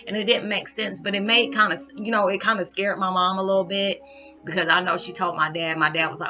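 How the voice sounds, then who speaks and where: A woman's voice: lowish voice, steady tone, brisk, bright, forceful tone. Earnest woman vlogging over background music. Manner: earnest, rambling, emotional, acts out quotes. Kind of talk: emotional confessional monologue. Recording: dull recording with music behind.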